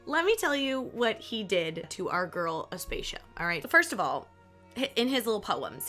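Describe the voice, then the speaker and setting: A woman's voice: mid-range voice, big pitch swings, normal speed, bright, forceful tone, faint music behind. Wisecracking Southern woman history host. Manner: sarcastic, playful, jokey asides. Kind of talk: comedic history narration.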